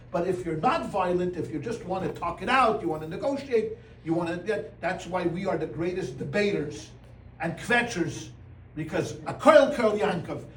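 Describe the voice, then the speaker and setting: In an echoey room with a live audience, an animated rabbi with a high male voice leads a lively storytelling Torah class. He's humorous and acts out voices, throwing in Yiddish exclamations. The sound is roomy and distant, with faint room noise.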